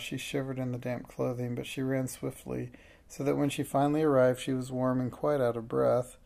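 A man narrating a children's storybook in a steady, plain reading voice. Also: medium pitch, gravelly.

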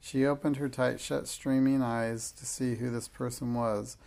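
Gravelly man reading a storybook. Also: mid-range voice, little pitch movement, measured pace, darkish tone. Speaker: audiobook narrator. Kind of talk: storybook narration.

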